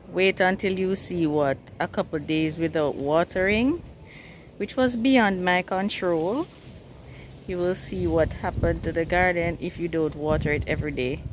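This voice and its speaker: A woman with a Jamaican accent gives a relaxed, unhurried walk through her container garden. She talks in a middle pitch and breaks into laughter often. Faint outdoor noise sits in the background. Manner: chatty, laughs often while showing plants. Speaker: gardening vlogger. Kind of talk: casual garden walkthrough vlog.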